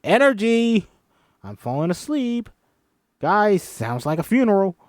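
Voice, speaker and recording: A man voicing a loud, pushy male choir teacher who shouts theatrical coaching at his students. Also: sits high, very animated, measured pace, no echo, clean studio sound, pitched above the performer's own voice, heavily acted. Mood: ranting.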